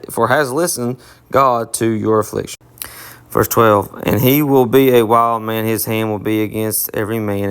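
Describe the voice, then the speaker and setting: A man's voice: fairly low pitch, clear, resonant tone. Southern man teaching from scripture. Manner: reads verses, then explains with repeated "okay?"; emphatic, repetitive, self-correcting. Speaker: Bible teacher. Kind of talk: Bible study sermon.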